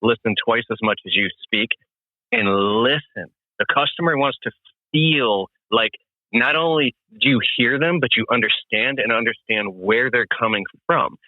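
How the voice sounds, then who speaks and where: Over a tinny, dry phone line with no room sound, a medium-pitched man, a guest landscaping business coach, shares sales advice with confident emphasis, acting out customer conversations emphatically.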